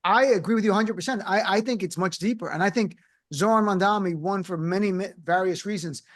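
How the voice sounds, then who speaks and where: A man hosting a radio talk show, chatting and telling quick anecdotes to his guests. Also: high voice, fairly bright tone, no room sound, clean studio sound.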